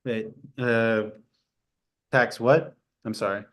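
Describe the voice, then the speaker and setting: Measured man explaining plans. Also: medium pitch, fairly even intonation, a bit bright. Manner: measured, explanatory, uses fillers like "so ultimately". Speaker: co-host answering questions. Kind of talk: casual livestream Q&A.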